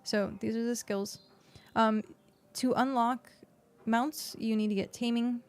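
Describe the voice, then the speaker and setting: A woman's voice: on the high side, steady tone, unhurried, a little mellow, clear, resonant tone. A woman streamer chatting casually as she plays and explains a game, with lots of fillers, into a desk microphone. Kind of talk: casual gameplay commentary. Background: faint background music.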